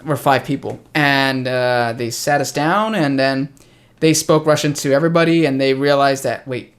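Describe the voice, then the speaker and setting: A man's voice: mid-range voice, normal speed. A young American man hosting a casual chat with a friend, telling stories chattily and acting out the people he quotes. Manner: chatty storyteller who acts out quoted people. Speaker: host of a language-learning channel.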